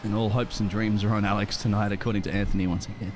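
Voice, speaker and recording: A man's voice: lowish voice, flat delivery, fast talker, a little mellow, slight background noise. A man doing live sim racing commentary in a conversational way, talking directly to viewers.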